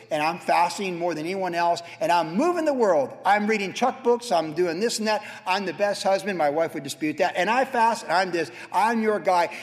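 Animated pastor preaching in a reverberant church. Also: male voice, high voice. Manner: animated storytelling, acts out his own past self. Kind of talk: sermon. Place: church sanctuary. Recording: church hall with long reverb.

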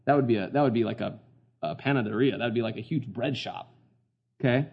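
A man's voice: medium pitch, quick pace, creaky, breathy edge, highs cut off. A man preaching a casual sermon in a conversational, slangy way, often asking the congregation questions. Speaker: pastor.

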